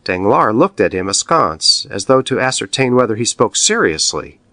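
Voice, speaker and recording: A man narrating an audiobook in an expressive storytelling manner. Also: on the low side, normal speed, dry recording. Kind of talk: scripted narration.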